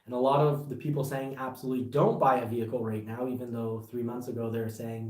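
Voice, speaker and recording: A man from Canada giving casual car-buying advice as a vlog host, getting animated and worked up, with rambling restarts. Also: mid-range voice, quick pace, few pauses, recorded from a distance. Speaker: car reviewer. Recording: echoey room, voice a bit off-mic.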